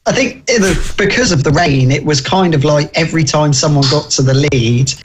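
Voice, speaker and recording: A man's voice: a little high, a little fast, slight background noise. Chatty man talking racing. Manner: chatty, wry, chuckling asides. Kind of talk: casual motorsport chat.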